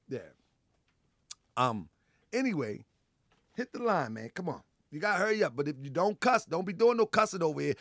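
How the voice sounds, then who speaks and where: A man hosting a live show, loud and animated, laughing often, repeating himself and calling out to his chat and callers. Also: a little high, no room sound. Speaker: livestream show host.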